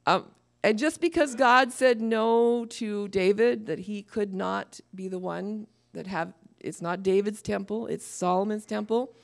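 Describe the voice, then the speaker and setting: Woman giving a sermon, bit of fry in her voice, upbeat and chatty with the church. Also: medium pitch, measured pace. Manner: lively, laughs at her own asides. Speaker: preacher.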